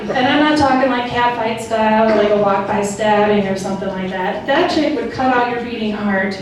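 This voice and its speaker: Onstage at a comedy club, this woman comedian delivers a casual, slangy, swear-filled story, putting on voices for the characters. Her voice is a little high and a little fast, with slight background noise. It's captured from a distance in the echoey room, audience laughter audible.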